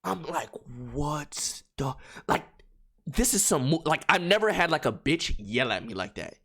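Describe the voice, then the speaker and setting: A man's voice: fairly high pitch, big pitch swings, normal speed, pushed and bright. A young man, a streamer, telling a story in casual, slangy, profane talk with lots of filler words.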